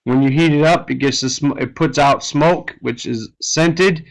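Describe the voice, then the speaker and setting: A man's voice: on the high side, a little slow, gravelly, poor audio. A man teaching an online language class, explaining a reading text word by word in a patient way and often checking with "right?". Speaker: Arabic teacher. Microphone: computer mic on an online class.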